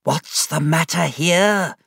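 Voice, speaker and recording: A man voicing a cruel, bullying male headmaster in a storybook reading, slow and menacing with heavy emphasis. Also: on the high side, vocal fry, fairly bright tone, slightly rough, no room sound, studio quality, recorded from a distance, voice pushed up, full character voice. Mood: stern.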